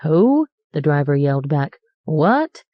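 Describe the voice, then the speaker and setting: A woman's voice: on the low side, moderate pace, dry recording, muffled recording, close to an everyday voice. A woman reading the part of a sarcastic, foul-mouthed male cab driver who rants in mock-polite tones. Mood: sarcastic ranting. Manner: mocking, ranting, mock-polite.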